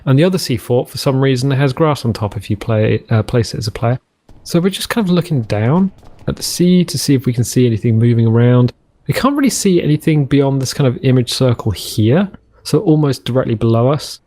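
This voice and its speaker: A man's voice: medium pitch, animated, a little fast, mellow. A man hosting a let's play, chatting and musing aloud in a rambling way while he plays a survival game. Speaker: gaming channel host.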